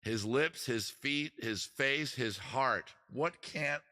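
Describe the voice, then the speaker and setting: A man hosts a casual trivia quiz on a live stream, joking around and teasing the players with crude asides. His voice is medium in pitch, slow, pushed and bright.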